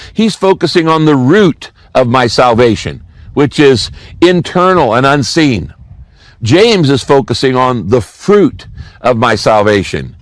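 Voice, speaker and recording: A man's voice: medium pitch, dry recording. An older man giving a sermon as pastor, teaching through a scripture passage and repeating key phrases for emphasis.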